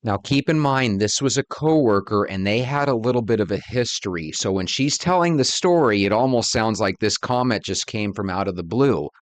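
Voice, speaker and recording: A man's voice: on the low side, lively intonation, moderate pace, few pauses, no echo. A man hosting a talk channel, introducing clips and commenting in a friendly, conversational way. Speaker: host. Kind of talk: casual commentary.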